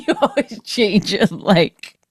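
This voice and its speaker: A woman's voice: medium pitch, sing-song, drawn-out words, slightly rough, no echo. A middle-aged woman from Canada co-hosting a podcast, bantering and arguing playfully with her husband and often mimicking him. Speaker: podcast co-host. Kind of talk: casual banter with spouse.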